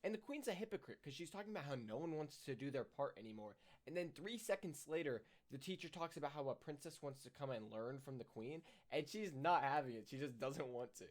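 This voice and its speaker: A man's voice: mid-range voice, animated, fairly quick, few pauses, slight background noise. A man giving casual, dry, sarcastic commentary on a movie, with some hesitation. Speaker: movie reviewer.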